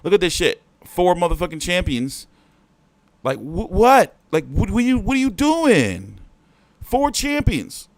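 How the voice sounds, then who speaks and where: A man's voice: sing-song, normal speed, no room sound. A man hosting a boxing livestream, ranting in heated, profane bursts. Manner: profane, heated ranting with swings in pitch and volume. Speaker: boxing show host. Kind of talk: livestream rant.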